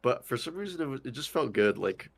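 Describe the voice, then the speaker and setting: A man's voice: medium pitch, lively intonation, fast, gravelly. A young man co-hosting a podcast in casual chat, rambling with lots of "like" and casual swearing. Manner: rambling, heavy use of "like", swears freely. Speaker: podcast co-host.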